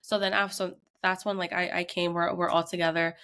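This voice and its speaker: A woman's voice: on the low side, a little fast, smooth. A woman in her thirties, a podcast co-host, telling a tense family story in casual chat and acting out the quotes. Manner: animated retelling with acted quotes.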